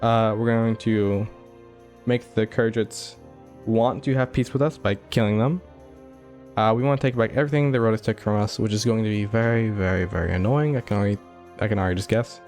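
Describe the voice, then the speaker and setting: A man's voice: on the low side, steady tone, fairly quick, darkish tone, faint music behind. A man giving casual, rambling commentary over his own game playthrough, full of filler words and chuckles. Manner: rambling, heavy use of "like" fillers, chuckling asides. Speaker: gameplay commentator.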